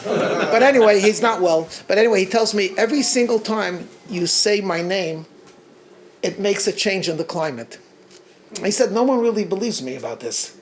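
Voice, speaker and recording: A middle-aged man with an American accent, a rabbi telling stories to a gathering in an animated, halting way, with many restarts and chuckles. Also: high-pitched, slight background noise. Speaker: rabbi giving a talk. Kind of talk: storytelling talk at a gathering.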